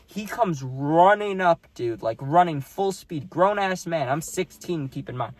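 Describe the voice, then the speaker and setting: A young man tells a story straight to the listener, his voice sitting a bit high for a man. He talks casually and animatedly, peppering his sentences with "like" and "dude". The sound is dry and close, with no room around it. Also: measured pace, no echo. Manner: animated, heavy use of "dude" and "like".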